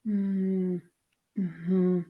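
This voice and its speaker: A woman hosting an interview, asking measured questions and giving soft listening sounds. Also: on the low side, level tone, narrow, tinny audio. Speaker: host.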